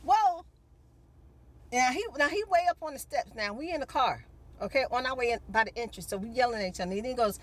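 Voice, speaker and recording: A woman's voice: a little high, lively intonation, fairly quick. A middle-aged woman vlogger telling stories to her viewers in a chatty, casual way and calling them y'all. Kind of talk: casual chat to the camera.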